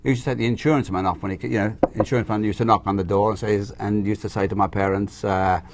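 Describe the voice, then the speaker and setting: A man's voice: fairly low pitch, quick pace, heavy background noise. A man from Ireland, an actor, telling stories as a guest on a talk show. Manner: storytelling, animated, mimics voices. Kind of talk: casual interview chat.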